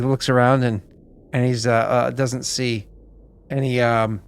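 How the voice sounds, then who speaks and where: A man's voice: medium pitch, little pitch movement, a little slow, smooth. Hesitant male game master. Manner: hesitant, many fillers and restarts. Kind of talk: narrating a tabletop game.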